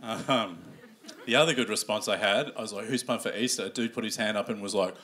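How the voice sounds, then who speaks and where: A man hosting a stand-up comedy show, animated and swearing as he acts out characters. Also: lowish voice, fairly quick. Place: comedy club stage before a live audience. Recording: live room with audience noise.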